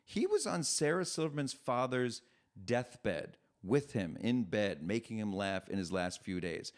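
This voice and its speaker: A middle-aged man, a comedian, talking as a podcast guest, with animated, self-deprecating storytelling. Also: lowish voice, unhurried. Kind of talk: podcast conversation.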